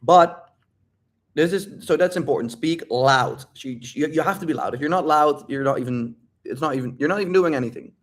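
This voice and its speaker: A man coaching viewers on dating during a live-stream Q&A, loud, blunt and profane, repeating points with emphatic drill-like stress. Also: on the high side, a little fast.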